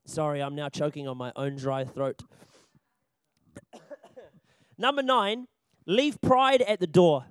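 A young man giving a church training talk on children's ministry, animated and jokey, laughing often and repeating his key points for emphasis. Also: a little high, takes it slowly, pauses often, smooth, no room sound.

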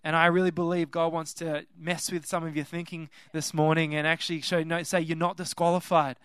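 A young male preacher with a high, clear, resonant voice speaks to a youth conference. He is lively and keeps stumbling into restarts and fillers. The sound is dry, with little room echo. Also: a little fast. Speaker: guest preacher. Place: conference hall with live audience.

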